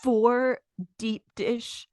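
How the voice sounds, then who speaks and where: A woman co-hosting a casual podcast, telling animated stories and acting out her own outbursts. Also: fairly high pitch, extremely slow, clear, resonant tone, no room sound, clean studio sound. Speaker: podcast co-host. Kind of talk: casual chat.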